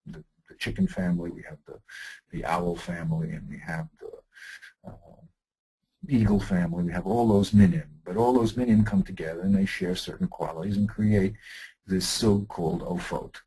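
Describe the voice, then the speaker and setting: Gravelly deep-voiced man teaching a text. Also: big pitch swings, mellow, poor audio. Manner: halting, many restarts and fillers while explaining a text. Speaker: Talmud teacher. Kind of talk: classroom text lesson.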